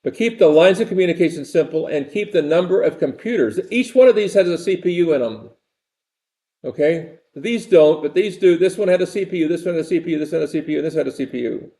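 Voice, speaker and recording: A man's voice: a little high, lively intonation, fast, mellow. An older man giving a rambling, conversational university lecture and repeating his phrases.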